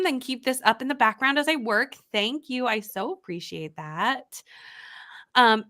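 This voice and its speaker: A young woman with a high, bright voice hosts a relaxed reading livestream. She chats along easily and greets each viewer by name as she reads their comments out. Her tone is friendly and conversational. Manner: chatty and warm toward viewers, greets them by name.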